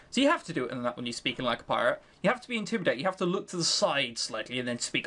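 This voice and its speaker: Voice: medium pitch, expressive, quick pace, hardly any pauses, sharp tone. A young streamer reading a visual novel aloud and mocking it in a chatty, sarcastic way, close to the mic at home. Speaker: let's-play host. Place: home room on webcam. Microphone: close desk mic.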